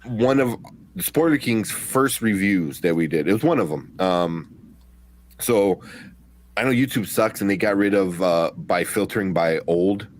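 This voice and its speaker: A man's voice: low-pitched, unhurried, no room sound. A man co-hosting a live movie review show, talking casually and rambling with many restarts and fillers. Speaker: podcast co-host.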